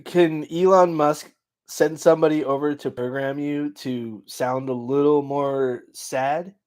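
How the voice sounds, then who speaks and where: A man's voice: a little high, steady tone, measured pace, darkish tone. A man hosting a comedy video, teasing an AI with mock-boastful banter in casual chat. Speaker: YouTube comedy host.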